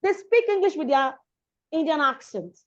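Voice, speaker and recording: A Nigerian woman raised in Lagos, working as a diction and public speaking coach, explains herself emphatically in an interview and circles back to her key points. Her high-pitched, expressive voice moves at normal speed over dull lo-fi sound.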